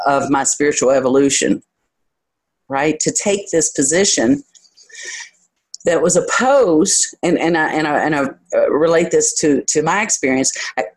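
A spiritual teacher talks to a group in a reflective, unhurried way. The delivery is halting and searching, often stopping to find the next words. There is a candid, self-examining quality to it, with a touch of humor at their own expense. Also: mid-range voice, animated. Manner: hesitant and searching, pausing to gather thoughts.

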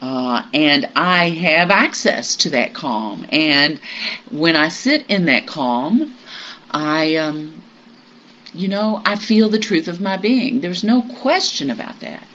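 Slow, halting speaker sharing in a group. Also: mid-range voice, lively intonation, sharp tone. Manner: halting and reflective, many pauses and fillers. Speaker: meditation group member sharing. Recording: muffled recording with faint hiss.

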